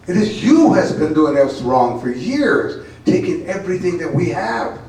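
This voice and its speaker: A man's voice: on the high side, very animated, moderate pace, hardly any pauses, a little mellow. Man, poet at a college event, rambling remarks, intense poem reading, echoey room, distant mic. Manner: rambling and repeats words in talk, intense and emphatic when reading. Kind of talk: informal remarks then a dramatic poetry reading.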